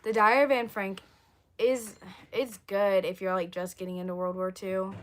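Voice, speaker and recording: A young woman chatting on a livestream, rambling and answering viewer comments, her voice going hoarse. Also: mid-range voice, little pitch movement, normal speed. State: losing her voice, coughing. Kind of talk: casual livestream chat.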